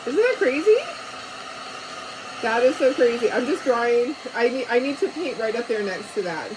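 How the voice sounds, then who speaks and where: A woman's voice: a little high, lively intonation, moderate pace, background noise. A woman hosting a craft video, chatting casually and telling stories while she paints, rambling a little and laughing often. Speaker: craft show host.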